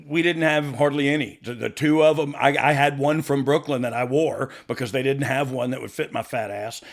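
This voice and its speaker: Man, 50s, gravelly, casual storytelling, laughs a lot. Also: medium pitch, fairly quick. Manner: rambling, laughs often, restarts. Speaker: podcast host and former wrestler.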